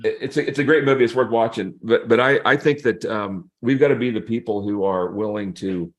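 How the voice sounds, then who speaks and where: A man's voice: on the low side, brisk. An older man, a pastor and guest, telling humorous stories in a casual interview, laughing often and acting out what people said.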